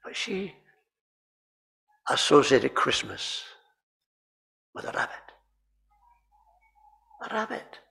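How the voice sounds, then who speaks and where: Brief: man preaching in a chapel, lively swooping delivery, fry in the voice, restarts his words often. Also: a little high, slow, long pauses. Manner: animated storytelling with frequent repeated words and throat-clearing. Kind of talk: sermon.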